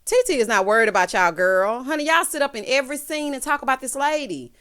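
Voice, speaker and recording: A woman's voice: high voice, expressive, fast, a bit bright, clear, resonant tone. A woman giving a casual, gossipy recap of a reality show, talking straight to her viewers and calling them honey and child. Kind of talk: casual recap commentary to camera.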